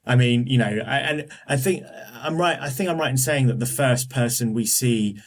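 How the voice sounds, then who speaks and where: A man's voice: medium pitch, moderate pace. A man talking as a guest on a podcast, enthusiastic and often restarting his sentences. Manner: enthusiastic, many restarts and fillers. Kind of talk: casual podcast discussion.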